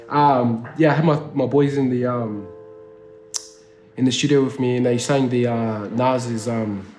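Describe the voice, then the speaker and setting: In a laid-back interview chat in an indoor studio, an Australian-accented rapper appearing as a guest talks in a medium-pitched voice, using lots of slang, swearing freely and filling his speech with fillers. Faint, soft guitar music plays beneath him.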